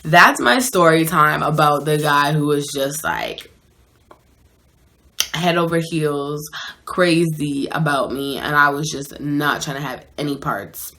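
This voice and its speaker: A woman vlogger telling a dating story in casual, chatty storytime style, peppering her talk with "like". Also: low voice. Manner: chatty, animated, lots of "like".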